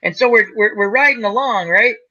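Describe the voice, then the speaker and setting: A man's voice: high-pitched, fairly quick, pushed and bright, dull audio. A man telling a long, funny story in a casual chat, acting out quotes and swearing freely. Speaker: podcast co-host telling a story.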